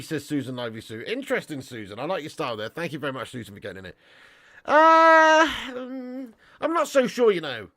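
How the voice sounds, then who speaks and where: A man hosts a football fan stream, bantering bluntly and swearing with viewers. His voice sits a little high and sounds stuffy. The recording is close and dry. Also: big pitch swings, a little fast, sharp tone, dry recording. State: stuffy nose. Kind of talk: casual live-stream chat reading viewer comments.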